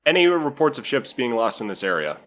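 Bright-voiced male player giving commands. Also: mid-range voice, very animated, fairly quick. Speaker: tabletop player, starship captain. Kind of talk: tabletop role-play.

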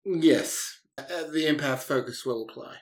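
Slow, hesitant tabletop game master. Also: mid-range voice. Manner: hesitant, many fillers and pauses.

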